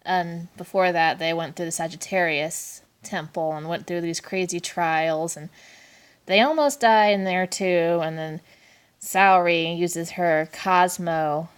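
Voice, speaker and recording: A woman's voice: fairly low pitch, a little slow, clean tone. Woman vlog host, casual chatty delivery, gushing with many fillers and giggles. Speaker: anime review vlogger. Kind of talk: casual review chat.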